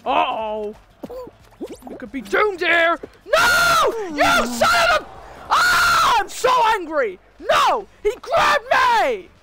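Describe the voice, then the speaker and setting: A woman's voice: very high voice, huge pitch swings, heavy background noise, full character voice. Woman voicing a hot-tempered cartoon sore loser. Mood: furious. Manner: yelling, quick to rage at losing. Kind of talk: fan voice role-play over gameplay.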